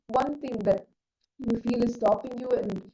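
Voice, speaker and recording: A woman's voice: a little high, measured pace, mellow. A woman facilitating a spiritual session who earnestly invites participants by name to share. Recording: distant echoey mic with faint noise.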